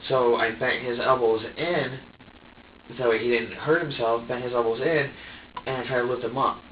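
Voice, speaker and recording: A man under police questioning who recounts events haltingly, repeating himself and swearing. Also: medium pitch, steady tone, a little hiss or hum. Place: police interrogation room. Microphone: distant room camera mic. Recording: dull, echoey room audio from far off.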